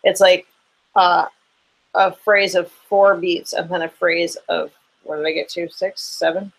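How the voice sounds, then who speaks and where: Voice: medium pitch, flat delivery, unhurried, gravelly, rough recording. A fiddle teacher giving a casual online lesson into a computer microphone, thinking aloud and counting and humming rhythms.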